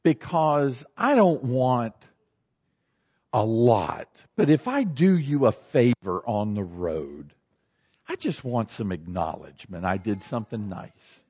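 A man preaching a sermon as a pastor, animated and acting out everyday scenes in shifting voices. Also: medium pitch, takes it slowly, breathy edge, dull audio.

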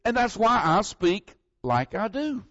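A man's voice: high voice, big pitch swings, a little slow, fairly bright tone, no room sound, dull audio. A man from northern Florida with a Southern accent, preaching a folksy, conversational sermon and leaning hard on the scripture verses.

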